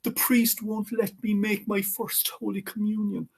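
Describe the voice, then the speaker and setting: A man voicing a small village boy who talks softly through tears. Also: sits high, little pitch movement, measured pace, vocal fry, breathy edge, voice pushed up, exaggerated voice. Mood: tearful. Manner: soft, raised and tearful.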